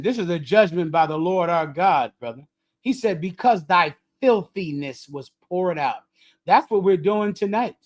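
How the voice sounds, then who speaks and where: A man leading a livestreamed religious lesson, preaching emphatically in a lecturing, repetitive cadence. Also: sits high. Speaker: religious group leader.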